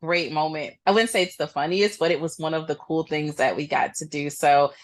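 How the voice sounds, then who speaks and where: A woman guest in a casual interview, bubbly, laughing easily and thinking out loud as she talks. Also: sits low, fairly even intonation, brisk. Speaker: interview guest, employment programs manager.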